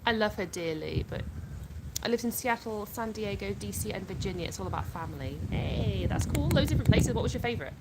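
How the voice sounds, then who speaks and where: A woman's voice: mid-range voice, lively intonation, quick pace. A woman, hosting a casual livestream at home and chatting through viewer comments as she reads them out. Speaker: livestream host. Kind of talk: casual live chat. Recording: clear background noise with clicks.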